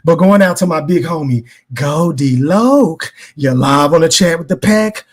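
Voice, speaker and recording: A man's voice: a little high, lively intonation, measured pace. A man hosting a podcast, giving an emphatic, profane boxing opinion rant and talking straight to his live chat. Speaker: podcast host.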